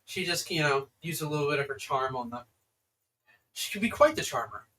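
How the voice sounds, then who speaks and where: A man's voice: on the high side, animated, fairly quick, pushed and bright, far from the mic, poor audio. A man voicing a friendly, slightly smug man who reassures the group breezily. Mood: reassuring.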